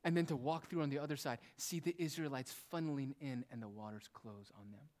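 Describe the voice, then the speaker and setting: This sermon comes from a man with a fairly high pitch who talks quickly. Emphatic throughout, he raises rhetorical questions, adds casual asides as he unpacks the text, and varies between loud and hushed.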